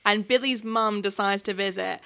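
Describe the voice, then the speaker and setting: Chatty woman, bright and sarcastic. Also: medium pitch, steady tone, normal speed, vocal fry, smooth. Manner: chatty, sarcastic, laughs often, acts out quotes. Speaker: YouTube host recapping a TV series. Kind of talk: casual chat.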